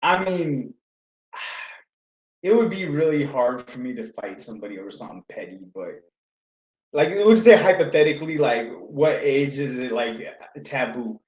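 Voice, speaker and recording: A man in a relaxed podcast chat, blunt and jokey, with a mid-pitched voice. The room adds a noticeable echo. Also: measured pace. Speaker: podcast co-host. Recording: roomy echo.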